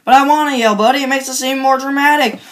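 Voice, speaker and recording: A woman voicing a loud, goofy adult male tow truck who yells to make every scene dramatic. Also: high voice, steady tone, fast talker. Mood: panicky. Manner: yelling, over-the-top dramatic.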